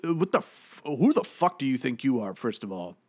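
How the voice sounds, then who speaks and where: A man's voice: deep voice, normal speed, gravelly, no echo. A man playing the rambling, profane ghost of a washed-up male actor in a comedic audio commentary, full of fillers. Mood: indignant, profane.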